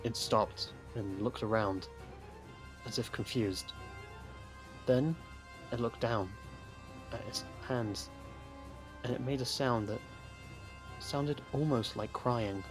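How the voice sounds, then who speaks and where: A man with a lowish voice reads a story aloud. His delivery is steady and even. Faint music sits behind him. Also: measured pace, long pauses. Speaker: narrator. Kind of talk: scripted narration.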